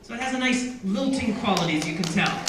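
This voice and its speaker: A man's voice: high voice, lively intonation, fast, distant mic, heavy background noise. A man, an author, chatting playfully with a crowd at a bookstore signing, joking about himself and laughing often. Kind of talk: reading excerpts and chatting with a crowd. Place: large indoor bookstore. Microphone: audience camera from a distance. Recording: echoey room, recorded from afar.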